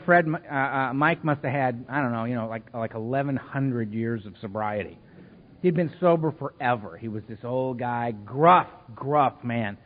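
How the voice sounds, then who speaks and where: A middle-aged man speaking at a recovery meeting, telling self-mocking, humorous stories with many conversational asides. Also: medium pitch. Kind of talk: recovery talk with personal stories. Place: meeting hall before an audience. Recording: reverberant hall, dull lo-fi sound.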